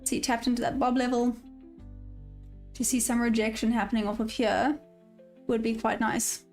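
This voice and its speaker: A woman's voice: a little high, steady tone, normal speed, a little mellow, soft background music. A South African woman trading live on stream, chatting casually and answering viewers' messages. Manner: chatty, reads chat aloud and answers viewers. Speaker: livestream day trader.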